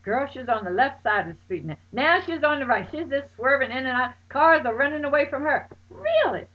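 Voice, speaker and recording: A high-voiced woman, retelling an anecdote with lively, dramatic exclamations. She voices the other people in the story herself. The recording is dull and lo-fi. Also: a little fast. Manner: exclaims loudly, acts out friends' voices. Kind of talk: animated personal anecdote.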